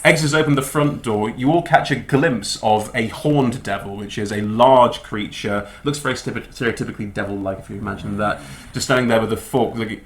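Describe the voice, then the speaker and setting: A man's voice: lowish voice, fairly quick, roomy sound, slight background noise. Hesitant man running a game. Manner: hesitant, filler-heavy narration with frequent laughter. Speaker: game master. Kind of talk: narrating a tabletop game.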